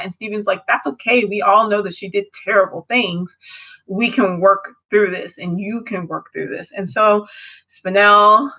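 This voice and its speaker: Young woman, casual reviewer, lively storyteller, slightly dull lo-fi home audio. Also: mid-range voice. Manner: animated, acts out characters in quotes. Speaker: video reviewer.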